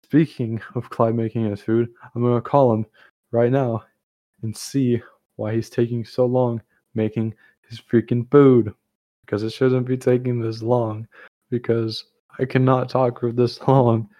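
A man's voice: mid-range voice, flat delivery, measured pace, mellow. A young man hosting a casual chat, rambling with lots of fillers and restarts. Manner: rambling, full of fillers and self-corrections. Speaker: host.

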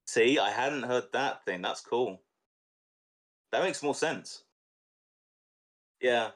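A man's voice: medium pitch, slow pace. A man co-hosting a casual film podcast, retelling a fable in a loose, sweary way with repeated words. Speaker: podcast co-host.

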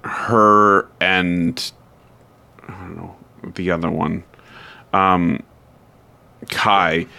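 A man co-hosting a podcast in casual chat, with blunt, drawn-out complaints. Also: low-pitched, steady tone, vocal fry, sharp tone. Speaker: podcast co-host.

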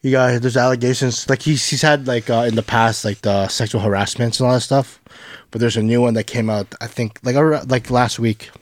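A man's voice: medium pitch, steady tone, a little fast. A man co-hosting a podcast in casual chat, mostly giving short laid-back replies. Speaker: podcast co-host.

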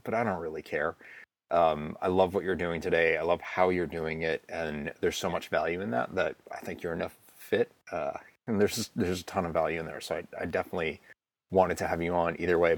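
A man with a low voice hosts a casual interview, chatting loosely and rambling with fillers. The sound is dry and close, with no room echo. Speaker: interview host.

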